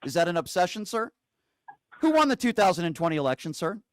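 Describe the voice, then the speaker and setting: Male call-in host, high pitch, dry close mic; combative, insulting, badgering. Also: very animated, fast, no room sound. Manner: berating, insulting, interrupting; repeats questions insistently.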